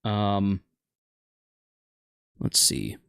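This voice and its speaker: Rambling, opinionated gaming host. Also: male voice, lowish voice, very animated, extremely slow, gravelly, fairly bright tone, clear, resonant tone, no room sound, studio quality. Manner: rambling and opinionated, stumbles over words. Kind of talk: casual livestream chat.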